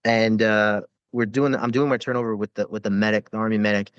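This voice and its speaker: A man's voice: on the low side, fairly even intonation, a little fast, no room sound, muffled recording. Profane man telling war stories. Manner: profane, rambling war stories with frequent fillers and laughs. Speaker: podcast guest, former Navy corpsman. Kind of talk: casual storytelling interview.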